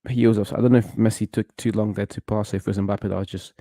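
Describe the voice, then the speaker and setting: Guy chatting thru a football match, mellow low voice, opinionated, lots of restarts. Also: steady tone, fast, no room sound. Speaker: football watchalong host. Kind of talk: casual live match commentary.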